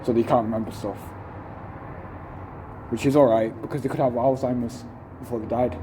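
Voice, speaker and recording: A man's voice: medium pitch, steady tone, moderate pace, noisy background. A young man casually chatting with a friend while exploring, in an offhand, matter-of-fact way. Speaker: exploring companion. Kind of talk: casual chat.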